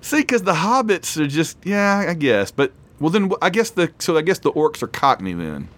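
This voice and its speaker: A man's voice: a little high, sing-song, normal speed, a bit bright, a little hiss or hum. A man hosting a casual trivia quiz, rambling and self-deprecating as he reads questions and reacts. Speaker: quiz host.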